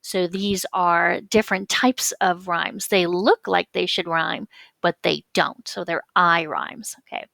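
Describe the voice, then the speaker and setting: A woman's voice: fairly low pitch, gravelly, sharp tone, no room sound. Patient woman teacher, dry close sound. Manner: patient, stretches example words slowly. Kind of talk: classroom lecture on poetry.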